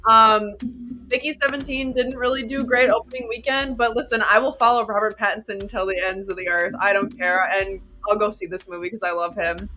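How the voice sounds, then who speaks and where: A woman on a comedy news panel, chatty and breezy, firing off quick opinions. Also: mid-range voice, steady tone, bright, forceful tone, slight background noise. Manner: chatty, breezy, self-described yapping. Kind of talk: rapid-fire hot takes.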